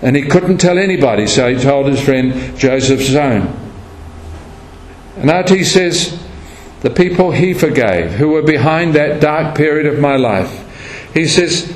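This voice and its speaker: A man's voice: a little high, animated, unhurried, a little hiss or hum. Man preaching in an echoey room. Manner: storytelling, acts out quoted speech. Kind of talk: sermon with closing prayer. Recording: echoey room, faint ambience.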